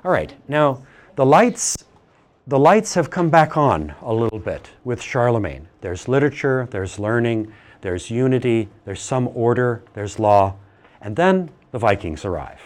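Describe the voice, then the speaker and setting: A middle-aged man giving a classroom lecture, animated and teasing, asking the class questions as he goes. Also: mid-range voice, unhurried.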